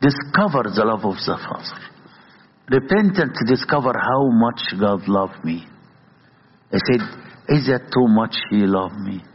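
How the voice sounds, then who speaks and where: A man with an Egyptian accent and Arabic as his first language, a priest preaching a sermon with passion and piling up rhetorical questions in a husky voice. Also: lowish voice, expressive, a little slow, a little hiss or hum. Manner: impassioned, many rhetorical questions. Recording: dull, echoey hall.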